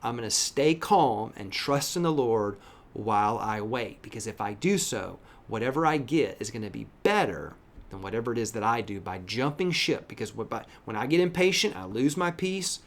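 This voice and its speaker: A middle-aged pastor giving a devotional teaching, reading scripture and preaching in an emphatic, lively way. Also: male voice, mid-range voice, moderate pace.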